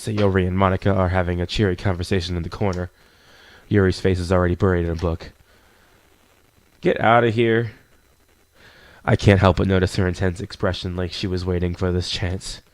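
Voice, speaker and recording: A man reading a visual novel aloud as a let's player, adding quick asides between the narration. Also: low-pitched, little pitch movement, a little mellow, dry recording.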